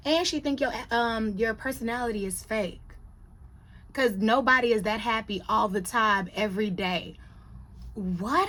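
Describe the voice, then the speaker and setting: A young adult woman chatting casually on her vlog, telling a story with big swings from low, quiet asides to loud, high exclamations. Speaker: vlogger. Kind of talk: casual chat.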